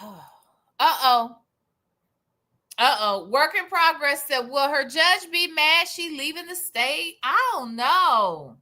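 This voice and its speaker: A woman's voice: high voice, very animated, takes it slowly, bright, forceful tone. A woman hosting a livestream, giving sarcastic commentary in a teasing, mock-outraged manner. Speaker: livestream host.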